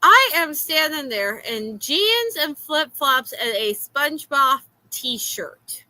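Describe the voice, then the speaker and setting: A woman with a Florida accent telling a story in a casual, exasperated way, filling pauses with "uh". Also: sits high, dry recording, poor audio. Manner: animated, exasperated, many "uh" fillers.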